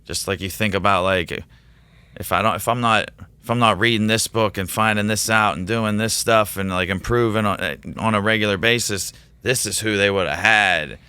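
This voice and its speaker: A man who teaches, telling a rambling, excitable story as a podcast guest. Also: fairly low pitch, moderate pace, clear, resonant tone, dry recording. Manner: rambling, excitable, quotes himself in animated voices. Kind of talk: casual storytelling in a podcast interview.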